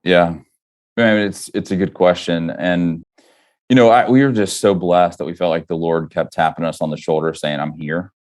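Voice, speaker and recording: A man with a very low voice shares a personal story as a podcast guest. He is middle-aged and speaks earnestly, with halting restarts and many "you know"s. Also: fairly even intonation, darkish tone. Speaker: guest, company founder.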